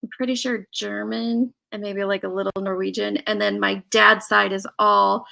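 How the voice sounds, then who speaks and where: A woman's voice: medium pitch, flat delivery, normal speed, gravelly, bright, forceful tone. A woman from Illinois hosting a casual live-stream chat, chatty and laughing often as she reads out viewer messages. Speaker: host.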